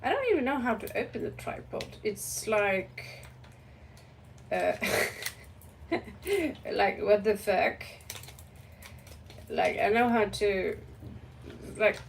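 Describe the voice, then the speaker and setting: A woman's voice: medium pitch, expressive, slow, gravelly, pauses often, recorded from a distance, slight background noise. A woman hosting a live tarot stream from a cluttered room at home, chatting in a rambling, distracted way, often swearing and laughing, picked up by a phone on a tripod.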